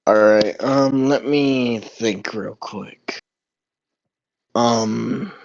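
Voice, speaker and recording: A man's voice: mid-range voice, drawn-out words, gravelly, highs cut off. Rambling male tabletop player. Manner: rambling, repeats himself, frequent fillers. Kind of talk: casual game table chat.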